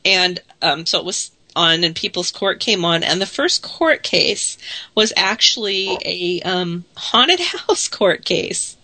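A woman co-hosting a radio talk show, hoarse from a cold, chatting casually with lots of laughs and restarts. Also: on the low side, big pitch swings, slow, sharp tone, dry recording. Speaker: radio co-host. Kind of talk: casual chat.

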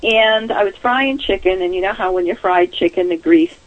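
A woman's voice: medium pitch, normal speed. A woman caller telling a personal ghost story in a chatty way, laughing often as she goes. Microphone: telephone. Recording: tinny phone line.

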